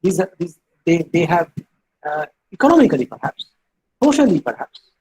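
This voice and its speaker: An older man giving an academic lecture, deliberate and halting, with frequent hesitations and restarts. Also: on the high side, very animated, darkish tone, slightly rough, poor audio. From India. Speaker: guest lecturer, professor of political science.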